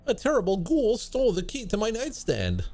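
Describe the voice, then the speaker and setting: A man squeaking as a shrill shouting little girl. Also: huge pitch swings, normal speed, faint music behind, full character voice. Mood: alarmed.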